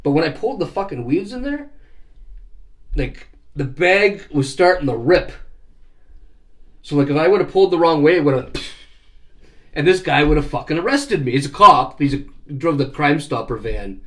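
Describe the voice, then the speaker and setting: A middle-aged man spins rambling stories in a casual vlog, swearing often and getting loud and animated at the tense parts. His voice sits a little high for a man. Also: normal speed, long pauses. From Canada. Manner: profane, animated storyteller. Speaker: vlogger. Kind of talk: casual storytelling.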